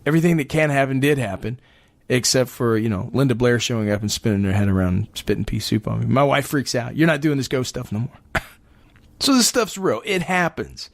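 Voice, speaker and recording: An American man hosting a paranormal talk show, rambling in an animated, casual way with lots of fillers. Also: mid-range voice, fairly quick, creaky, no room sound. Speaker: podcast host. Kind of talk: casual monologue.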